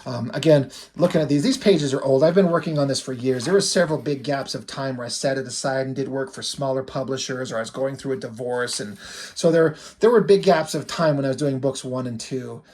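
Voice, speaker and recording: A man's voice: medium pitch, fairly quick, a little mellow, a little hiss or hum. A man giving casual, candid commentary on his own comic pages, self-critical and swearing now and then. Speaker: comic artist and channel host.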